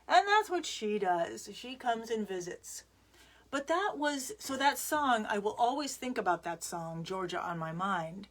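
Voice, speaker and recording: A woman's voice: medium pitch, very animated, unhurried, fairly bright tone. A woman musician chatting to the camera, telling a story with lots of fillers and restarts.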